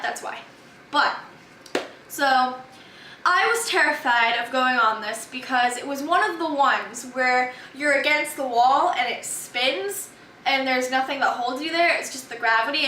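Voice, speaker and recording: High bright-voiced teenage girl vlogging. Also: measured pace, a little hiss or hum. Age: teens. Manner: chatty, exasperated, rambling. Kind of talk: storytime vlog. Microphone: camera held by a friend. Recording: echoey room from far off.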